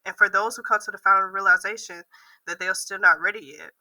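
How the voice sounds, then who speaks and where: Hoarse woman with a bright voice. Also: medium pitch, steady tone, fast talker, rough recording. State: hoarse from losing her voice. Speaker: university admissions processor. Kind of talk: class video reflection.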